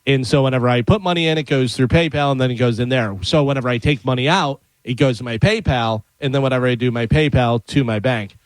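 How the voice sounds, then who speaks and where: Man, radio co-host, casual chat, animated storyteller, dry studio mic. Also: mid-range voice, quick pace, hardly any pauses, no room sound, low-quality recording. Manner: animated storyteller, acts out quotes.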